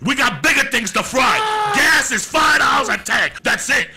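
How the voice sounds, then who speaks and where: A middle-aged man, a stand-up comedian, telling loud, profane, rapid-fire stories in a rant. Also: very high voice, lively intonation, vocal fry, breathy edge.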